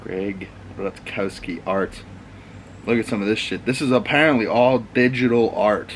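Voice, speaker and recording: A man's voice: on the low side, moderate pace, a little hiss or hum. A man hosting his own vlog in a loose, rambling casual chat, swearing now and then. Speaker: vlog host.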